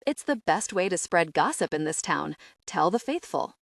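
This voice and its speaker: A woman's voice: lowish voice, sing-song, normal speed, vocal fry, no echo, clean studio sound, heavily acted. A woman reading an audiobook, voicing a smug, sadistic middle-aged man who drawls in a mocking, falsely friendly way.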